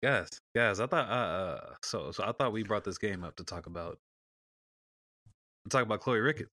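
A man's voice: fairly low pitch, lively intonation, normal speed, bright, forceful tone, no echo. A man co-hosting a podcast, chatting loosely and steering the talk back to his topic. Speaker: podcast co-host. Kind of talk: casual sports chat.

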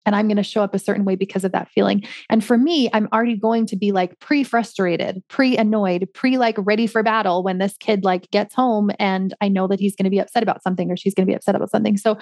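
A woman's voice: medium pitch, darkish tone, no room sound, clean studio sound. A woman hosting a solo parenting podcast, chatting casually with many ums and likes. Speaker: podcast host, parenting coach.

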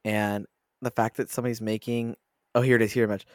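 A man's voice: on the low side, level tone, brisk, no echo, studio quality. A man co-hosting a casual podcast, reading articles aloud and joking at his own expense. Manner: self-mocking, reads articles aloud. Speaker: podcast co-host. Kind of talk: casual chat.

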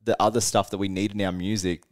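Laughing man with a low voice. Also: fast talker. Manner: animated, laughs often mid-story, swears casually. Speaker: touring musician, podcast co-host. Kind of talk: casual storytelling chat.

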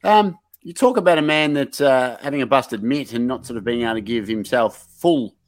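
A man's voice: mid-range voice, a little fast. A man with an Australian accent hosting a comedy podcast, rambling and hyping things up with lots of fillers. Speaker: podcast host. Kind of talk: casual comedic podcast banter.

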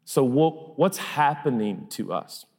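Guy pastor preaching, punchy, repeats lines, mid pitch, big echoey church hall. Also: expressive, slow, a little mellow. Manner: emphatic, repeats phrases for effect. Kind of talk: sermon. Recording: long reverb of a large hall.

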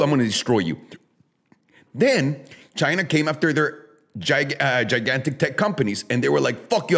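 A man hosting a casual solo podcast, ranting bluntly with heavy swearing and throwing rhetorical questions straight at his listeners. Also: on the high side. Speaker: podcast host.

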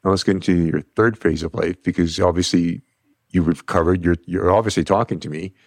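Deep-voiced male podcast host. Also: steady tone, fairly quick, vocal fry, no room sound, studio quality. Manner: encouraging, affirming. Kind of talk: interviewing.

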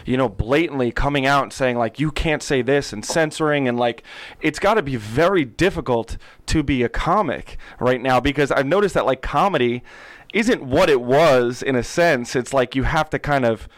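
A man's voice: mid-range voice, normal speed, no room sound. Rambling male podcast co-host. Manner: rambling, many fillers like "like". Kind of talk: casual podcast chat.

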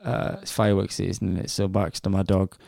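A man's voice: sits low, flat delivery, a little fast, vocal fry, warm tone, no room sound, studio quality. A man in his thirties with a Northern English accent, co-hosting a podcast and telling rambling, sweary anecdotes in casual chat. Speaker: podcast co-host.

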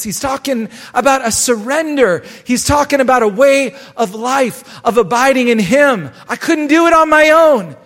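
A man's voice: very high voice, fairly bright tone. A man preaching a live sermon as pastor in a church, exhorting and repeating phrases for emphasis. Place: church sanctuary. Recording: long church hall reverb.

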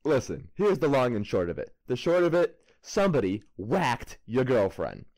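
A man's voice: medium pitch, big pitch swings, moderate pace, darkish tone. A man does a swaggering tough-guy investigator with a put-on New York accent, cursing and blustering at a suspect. His voice swings widely up and down. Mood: brash. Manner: brash, swaggering, swears a lot.

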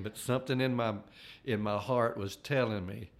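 An older man giving an earnest personal testimony, halting and restarting as he talks. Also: medium pitch, steady tone. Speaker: layman giving a faith testimony.

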